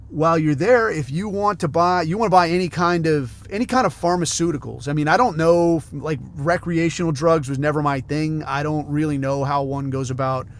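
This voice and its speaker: A middle-aged man hosting a podcast, telling rambling stories in a casual, heavily profane rant. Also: fairly high pitch. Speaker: podcast host.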